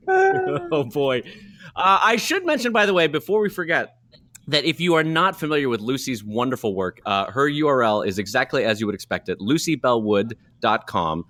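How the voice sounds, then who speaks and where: Bright, lively male podcast host. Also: medium pitch, fairly quick, dry recording. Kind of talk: casual podcast chat.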